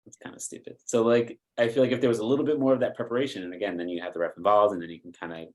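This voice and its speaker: A man's voice: fairly low pitch, level tone, racing, darkish tone. A man with a New England accent co-hosting a podcast, talking in hesitant casual chat that trails off and restarts. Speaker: podcast co-host.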